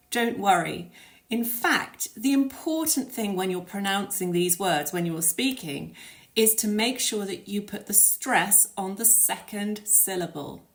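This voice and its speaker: A woman teaching an English pronunciation lesson, modelling words slowly and clearly for learners to repeat. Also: medium pitch, fairly bright tone.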